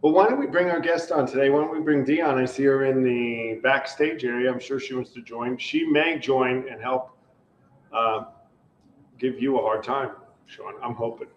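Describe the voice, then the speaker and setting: A man's voice: mid-range voice, fairly even intonation, normal speed, slight background noise. A man hosting a live recovery show, chatting casually in a rambling, joking, self-deprecating way. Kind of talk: casual live-stream chat. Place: retreat center in California. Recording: roomy, dull live-stream sound.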